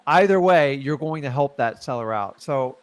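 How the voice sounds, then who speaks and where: A man coaching real estate dealmakers in a loose, unscripted chat, leaning hard into his key points. His voice sits at an ordinary middle pitch. The recording is close and dry, with almost no room sound. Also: animated, moderate pace, dry recording. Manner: emphatic, pushes points with bursts of loudness. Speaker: real estate investor and show host.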